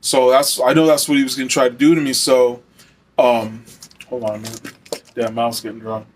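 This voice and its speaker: A young man from Arizona tells a personal story in a loose, rambling way. He leans on fillers and curses freely. His voice sits at an ordinary pitch for a man. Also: little pitch movement, brisk, slight background noise. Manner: rambling, filler-heavy, swears often. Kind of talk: casual storytelling.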